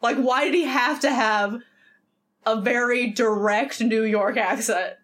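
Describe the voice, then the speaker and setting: High-voiced woman in opinionated chat. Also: a little slow, a bit bright. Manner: opinionated, laughing often. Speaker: podcast co-host. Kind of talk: casual chat.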